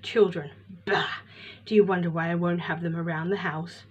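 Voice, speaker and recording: Woman voicing a gruff old woodcarver. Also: lowish voice, steady tone, moderate pace, pitched below the performer's own voice, lightly acted. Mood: roaring bitter. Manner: gruff, growls when angry. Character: harsh lonely old male woodcarver. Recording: slightly muffled with faint hiss.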